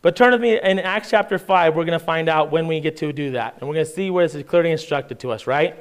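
A man's voice: a little high, fast talker, clean tone. A man preaching a sermon in a conversational way, reading scripture aloud and often checking in with "right?". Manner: conversational preaching with frequent "right?" asides and restarts; reads scripture aloud in King James style. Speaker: pastor.

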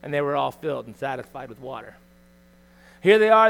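A middle-aged man preaching a sermon in a voice that sits high for a man. He talks to the congregation conversationally and keeps tossing in tag questions. He swings between punchy, loud emphasis and quiet asides. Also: animated, quick pace, gravelly. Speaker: pastor.

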